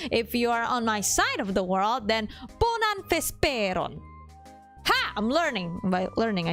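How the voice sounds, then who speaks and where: Slightly high and fairly bright, her voice carries loose commentary as she streams a visual novel. She swears without restraint, laughs frequently and enthuses about languages.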